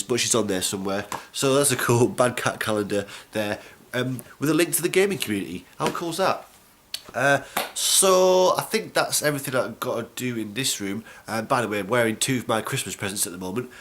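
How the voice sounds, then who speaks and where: A man's voice: lowish voice, a bit bright. A young man with a stuffy, slightly nasal voice from a cold, chatting casually and rambling to the camera at home. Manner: rambling, chatty, many fillers. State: congested, stuffy nose. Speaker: gaming vlogger.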